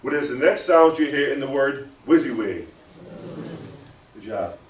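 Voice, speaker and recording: A man's voice: medium pitch, lively intonation, measured pace. A man giving a live talk in a library, guiding the audience through a spelling drill in call-and-response style. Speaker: guest speaker. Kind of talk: interactive spelling lesson. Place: library lecture room. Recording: roomy, from a distance, faint room hum.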